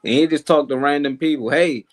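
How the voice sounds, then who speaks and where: A man's voice: mid-range voice, fairly even intonation, moderate pace, gravelly, a bit bright, no echo. A man co-hosting a live talk show in casual banter, laid-back and laughing often. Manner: laid-back, laughs a lot, tells stories with voices. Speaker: co-host.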